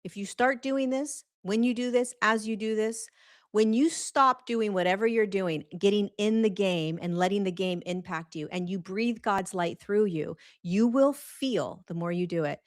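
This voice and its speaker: Earnest woman hosting a spiritual livestream. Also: medium pitch. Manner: earnest and emphatic, repeats phrases for stress; slows right down on key words. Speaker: host of a spiritual talk show. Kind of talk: live-streamed spiritual monologue.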